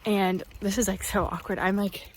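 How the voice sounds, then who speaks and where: A woman's voice: mid-range voice, flat delivery, normal speed. A young woman chatting casually on a book vlog, a little out of breath, rambling and joking at herself while outdoors in grassy countryside. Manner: rambling, chatty, self-deprecating. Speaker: book vlogger. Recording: outdoor phone recording with noise.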